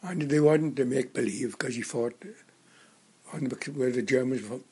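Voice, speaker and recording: A man in his nineties reminiscing in casual conversation, a halting storyteller who rambles and restarts his sentences. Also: medium pitch, darkish tone, slightly rough. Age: 90s. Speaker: interviewee.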